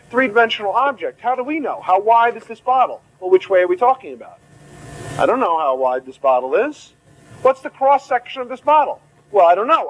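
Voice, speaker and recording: A man giving a medical lecture to a class in an animated, theatrical way, acting out confused students. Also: high voice, slightly rough, rough recording.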